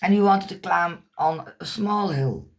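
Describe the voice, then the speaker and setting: A woman's voice: on the low side, measured pace, creaky. A woman whose first language is Dutch, telling a personal story in English in a candid, rambling way, swearing casually and searching for words.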